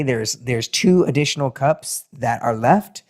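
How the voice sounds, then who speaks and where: Animated sing-songy man reading tarot. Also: medium pitch, measured pace, few pauses. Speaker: tarot reader. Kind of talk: casual astrology and tarot reading.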